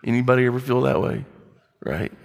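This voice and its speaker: A middle-aged male pastor preaching a sermon in a blunt, scolding way. His delivery is animated and direct. The voice carries a long reverb from a large hall. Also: medium pitch, fairly quick, creaky.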